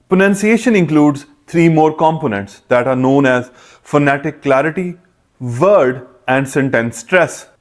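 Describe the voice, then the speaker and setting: A man teaching exam preparation in a methodical, scripted way, listing points one by one. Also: fairly high pitch. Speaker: test prep instructor. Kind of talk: scripted instructional explanation.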